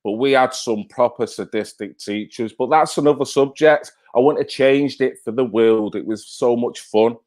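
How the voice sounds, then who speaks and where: A man's voice: mid-range voice, moderate pace, few pauses, a little mellow. A man from North Manchester with a Mancunian accent, hosting a live stream and bantering with viewers in chat, swearing freely. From North Manchester, England. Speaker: livestream host.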